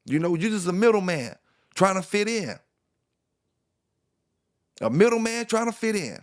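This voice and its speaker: A man's voice: sits high, big pitch swings, normal speed. A man hosting a dog news channel, delivering a confrontational, repetitive rant at rivals. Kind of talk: casual ranting monologue.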